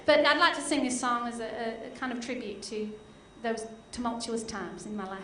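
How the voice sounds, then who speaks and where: A woman performing cabaret on a live stage, singing a slow ballad and bantering with a campy, theatrical manner. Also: on the high side, fairly even intonation, slight background noise. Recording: roomy live stage recording with guitar.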